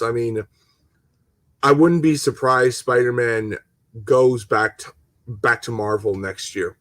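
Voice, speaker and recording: Man, casual stream host, angry rant, lots of swearing and stammered restarts, reacts to chat, dry sound, mid-pitched. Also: dry recording. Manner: talks to viewers and reads chat comments. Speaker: gaming channel host.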